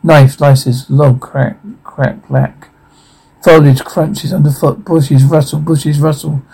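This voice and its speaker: A man reading a drama's captions and sound cues aloud in a flat, halting way. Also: a little high, gravelly, breathy edge, poor audio.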